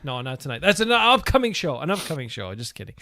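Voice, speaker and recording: A joking man with a bright, slightly high voice co-hosts a fan talk show over a video call. He teases and repeats his lines. The sound is dry and close. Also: big pitch swings, quick pace, no room sound. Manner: joking and teasing, repeats himself. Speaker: co-host of a sports fan show.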